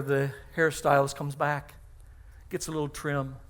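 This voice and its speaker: A man's voice: a little high, level tone, a little slow, a bit bright. A middle-aged man, a pastor, preaching a sermon in a church, telling stories with acted-out dialogue and emphatic repeated phrases. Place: church sanctuary.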